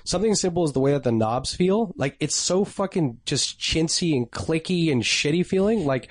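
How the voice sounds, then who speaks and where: A man's voice: on the high side, animated, normal speed. A man co-hosting a car podcast in casual chat, griping bluntly and swearing freely. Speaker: podcast co-host.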